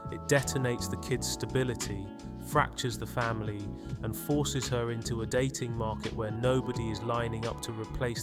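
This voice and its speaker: Man, scripted voice-over commentary, scornful tone, guitar music playing underneath. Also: medium pitch. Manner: scornful, critical. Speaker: commentary channel host.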